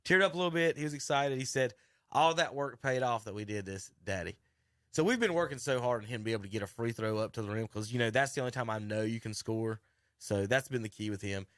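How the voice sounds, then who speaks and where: A middle-aged man, hosting sports talk radio and telling a rambling, animated coaching story with many restarts. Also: mid-range voice, fast, no echo, studio quality. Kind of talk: casual radio chat narrating a video clip. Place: radio studio.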